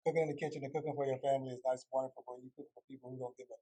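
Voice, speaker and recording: A middle-aged man with a husky, slightly rough voice talks as a podcast guest. He is friendly and emphatic and breaks into loud laughter now and then. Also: medium pitch, flat delivery, very fast, poor audio. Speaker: guest, entrepreneur. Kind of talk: casual interview chat.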